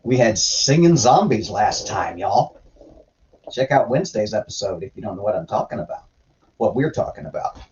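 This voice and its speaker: A man chatting casually on a livestream, with a lively, swooping delivery full of irreverent jokes. His voice comes through slightly dull and lo-fi, like budget streaming audio. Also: fairly low pitch, normal speed, slight background noise. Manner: irreverent, joking, reads chat aloud. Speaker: host reading and commenting on scripture.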